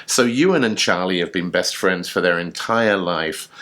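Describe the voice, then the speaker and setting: Low-voiced man telling a story. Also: moderate pace, fairly bright tone. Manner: chatty, enthusiastic storytelling with fillers. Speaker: podcast co-host. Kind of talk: casual chat.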